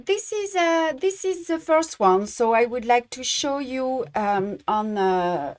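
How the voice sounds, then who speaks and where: Speaking with a fairly high pitch and lively intonation, a French-accented woman from France runs a live-streamed embroidery lesson. French is her first language, so she often breaks off to find words in English.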